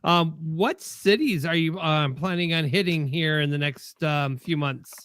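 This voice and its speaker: A man's voice: a little high, a little slow, a bit bright, slight background noise. A man co-hosting a podcast, asking guests upbeat interview questions.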